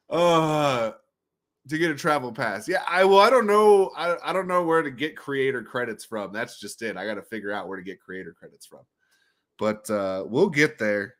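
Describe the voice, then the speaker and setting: A man hosting a casual livestream with a bright, forceful voice. He rambles, laughs often and swears, and his pitch swings widely as he jumps into loud, high outbursts. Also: lively intonation, normal speed. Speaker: livestream host.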